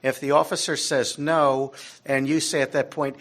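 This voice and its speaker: Male lawyer at a members meeting; calm, measured, hesitant delivery. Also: mid-range voice. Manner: measured advice, frequent ums and uhs. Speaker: attorney presenting.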